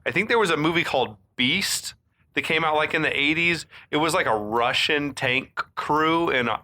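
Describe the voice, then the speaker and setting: Joking podcast guy with a bright, slightly higher voice, laid-back, laughs a lot. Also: normal speed. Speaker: podcast co-host. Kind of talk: casual movie recap chat.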